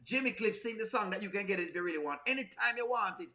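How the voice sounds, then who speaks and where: Bright-voiced Jamaican man joking around. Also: high-pitched, expressive, fast. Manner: playful, teasing, breaks into song. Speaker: reaction video host. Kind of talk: comedic reaction commentary.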